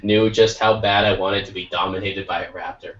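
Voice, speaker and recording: A man co-hosting an art podcast in casual chat, excitable and quick to exclaim. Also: sits low, muffled recording. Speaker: podcast co-host.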